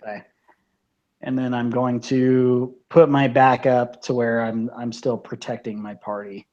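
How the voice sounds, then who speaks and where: Quiet, matter-of-fact game player. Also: medium pitch, level tone, a little slow, muffled recording. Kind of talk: casual chat while playing.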